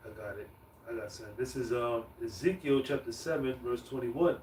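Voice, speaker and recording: A man reads scripture aloud and discusses it loosely in casual street preaching, packing his speech with fillers. His voice is medium-pitched, fairly quick, and darkish, recorded echoey from a distant mic with faint ambience and slight background noise.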